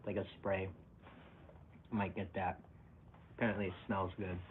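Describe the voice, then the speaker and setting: A young man chats live with his viewers in a low, easygoing voice, wandering from thought to thought and poking fun at himself. The sound is tinny and narrow like a phone call, with a faint hiss underneath. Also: little pitch movement, moderate pace. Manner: rambling, self-mocking, chuckles often and reacts to chat. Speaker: streamer. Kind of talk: casual live-stream chat.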